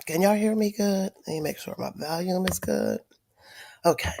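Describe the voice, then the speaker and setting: A middle-aged grandmother livestreaming to her viewers, telling a story in an animated, emphatic way with lots of swearing. She is sick with a cold, wheezing and tired. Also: fairly low pitch, moderate pace, gravelly, no echo. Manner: profane, emphatic, addresses viewers directly. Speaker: livestream host.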